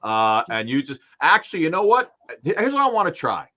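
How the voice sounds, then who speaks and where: Bright, energetic male talk show host. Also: on the high side, a little fast. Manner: energetic, stumbling restarts. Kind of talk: casual talk show interview.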